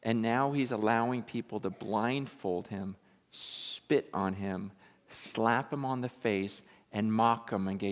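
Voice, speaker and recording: A man's voice: fairly low pitch, slow pace. Impassioned preacher man, echoing hall. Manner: impassioned, emphatic, repeating words as he builds. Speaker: pastor. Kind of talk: sermon. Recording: long reverb of a large hall.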